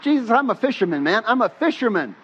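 A man's voice: very high-pitched, sing-song, fast, fairly bright tone, husky, highs cut off, pitched above the performer's own voice, heavily acted. A man voicing a tired, exasperated fisherman who protests in disbelief. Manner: incredulous, protesting.

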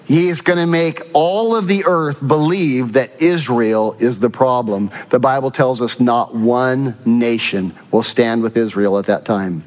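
A pastor preaching a sermon to a congregation, reading scripture aloud and asking the people questions. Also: male voice, medium pitch, unhurried, hardly any pauses. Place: church sanctuary. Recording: dull sound in a reverberant church hall.

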